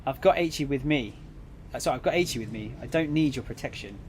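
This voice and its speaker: A man reading the lines of a timid but stubborn young woman in a visual novel, in a soft, hesitant yet insistent way. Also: medium pitch, expressive, quick pace, slight background noise, natural voice. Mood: earnest.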